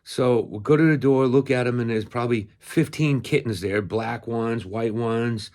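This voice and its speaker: A man's voice: mid-range voice, moderate pace, darkish tone. A man telling a casual, rambling story about his pets outdoors on his rural property, folksy and full of fillers and restarts. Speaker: cat owner vlogger.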